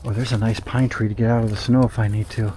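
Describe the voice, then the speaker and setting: A man narrating his solo night walk outdoors through snowy woods as a paranormal investigator, jumpy and excitable, talking to himself. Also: lowish voice, noisy background. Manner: excitable and jumpy, talks to himself, quick nervous laughs. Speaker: paranormal investigator, channel host.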